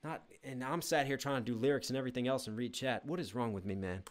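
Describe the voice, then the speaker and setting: A young man hosting a live music reaction stream, reading chat aloud, breaking into shouts and explaining rhyme schemes. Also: medium pitch, fast talker, very noisy.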